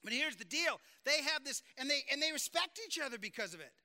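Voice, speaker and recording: A man's voice: very high-pitched, lively intonation, fast, sharp tone. A male pastor giving an earnest, conversational sermon, repeating phrases for emphasis.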